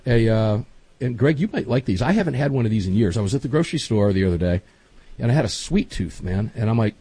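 A man's voice: mid-range voice, lively intonation, quick pace, mellow, breathy edge, no room sound. A man hosting a talk show in casual chat, folksy, rambling and enthusiastic.

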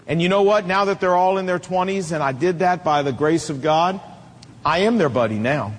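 A man's voice: high voice, moderate pace, in a large hall. A middle-aged man preaching a sermon, emphatic and telling stories with acted quotes.

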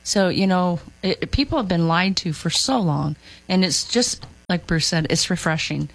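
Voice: medium pitch, lively intonation, normal speed, fairly bright tone, rough recording. A speaker chiming in and agreeing in casual conversation.

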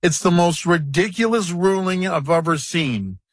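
A politician speaking at a news conference, blunt and indignant in manner. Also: male voice, high voice, animated, measured pace, no echo, clean studio sound.

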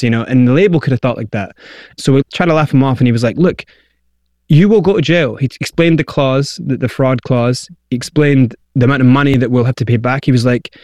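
A man recounting his own past as an interview guest, lively and acting out the people he quotes. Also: mid-range voice, fairly quick, dry recording. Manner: animated, acts out quoted voices. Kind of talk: candid storytelling.

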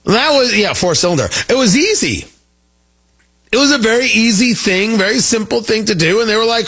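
A middle-aged man hosting a talk radio show, animated and jokey, wandering off on tangents. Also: sits high, normal speed, breathy edge. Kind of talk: opinionated talk radio monologue.

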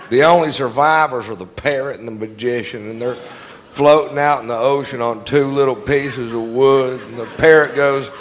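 A man telling a joke in a relaxed, rambling storytelling manner. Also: medium pitch, a little hiss or hum.

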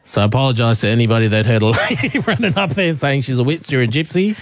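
A man's voice: medium pitch, animated, quick pace, no room sound, clean studio sound. A man hosting a radio show, telling a story in casual chat. He laughs often and acts out the people he quotes. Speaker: radio host.

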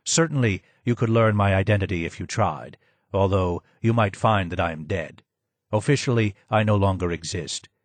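A man voicing a broken, maimed older man who was once a royal advisor, speaking low and hoarse, slow and subdued with a sad tone. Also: no echo. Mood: sad, grim.

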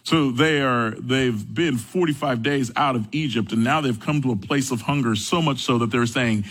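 A young adult man preaching a sermon, telling stories with animated energy. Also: normal speed, low-quality recording. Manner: animated storytelling, rising high when excited. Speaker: pastor.

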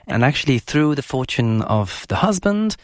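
A man from France with a French accent, a guest travel guide describing places in a halting, enthusiastic way. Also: mid-range voice, very animated, dry recording, clean studio sound. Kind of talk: casual radio chat.

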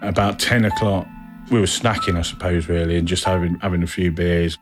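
A man with a rambling, animated storytelling manner, acting out what people said. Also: low voice, brisk, music in the background. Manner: rambling, animated anecdotes with acted-out quotes. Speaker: interviewee. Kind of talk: casual storytelling.

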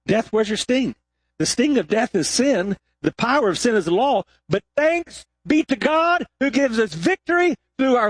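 A man preaching a sermon as pastor, dropping low and quiet and then rising to high, loud peaks. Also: dry recording.

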